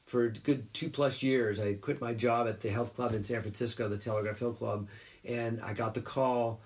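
A middle-aged man telling stories from his working life in an easygoing interview. He talks in a loose, rambling way and keeps breaking into short impressions of people. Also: medium pitch. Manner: animated storyteller who slips into quick character voices. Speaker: guest voice actor. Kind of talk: casual interview storytelling.

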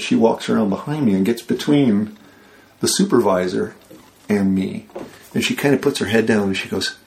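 A man in a casual interview, telling a rambling, animated story and acting out the people he quotes. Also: on the low side, moderate pace, creaky. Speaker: guest.

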